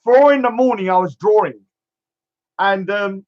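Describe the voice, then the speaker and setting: A man's voice: sits high, normal speed, muffled recording. A man delivering a scornful, emphatic rant, drumming home one catchphrase again and again. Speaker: streamer. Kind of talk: ranting monologue.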